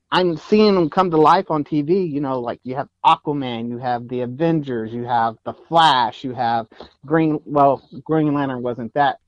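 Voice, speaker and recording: A man's voice: on the high side, no echo, lo-fi sound. A man from Texas, a guest actor telling stories in a casual interview, rambling with many fillers and restarts.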